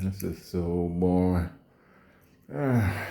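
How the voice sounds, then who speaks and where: Mellow low-voiced man acting out scenes. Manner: rambling, acts out little scenes with quick character asides. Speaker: comedian. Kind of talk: observational comedy monologue.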